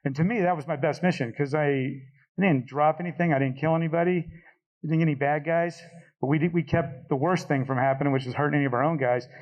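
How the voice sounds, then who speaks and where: Middle-aged man, retired pilot, panel storyteller, higher voice, acts out radio chatter. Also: fairly even intonation, fast talker, muffled recording.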